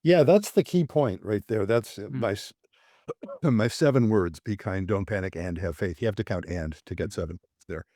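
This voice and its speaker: A man's voice: on the low side, moderate pace, warm tone, no room sound, studio quality. A male psychologist speaking as a podcast guest, reflective, illustrating his points with quoted examples from couples. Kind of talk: podcast interview.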